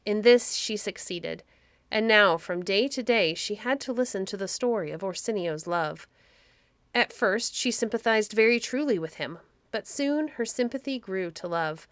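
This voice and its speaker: A woman reading a classic story aloud for children in a gentle, measured storytelling voice, close to the microphone. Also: mid-range voice, animated, dry recording.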